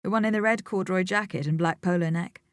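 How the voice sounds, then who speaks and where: Woman voicing a patient, slow-talking gallery owner. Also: fairly low pitch, no echo, clean studio sound, natural voice. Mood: genial. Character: suave male gallery owner, patient and businesslike. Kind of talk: audiobook character voice.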